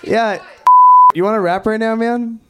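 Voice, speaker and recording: A man's voice: high voice, steady tone, a little slow, very noisy. A man hosting a casual live talk show, rambling and self-deprecating with lots of fillers. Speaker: host. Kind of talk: casual chat.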